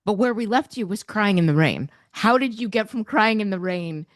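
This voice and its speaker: A woman co-hosting a podcast, jumping in with eager, quick questions in casual chat. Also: mid-range voice, expressive, no echo, clean studio sound. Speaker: podcast co-host.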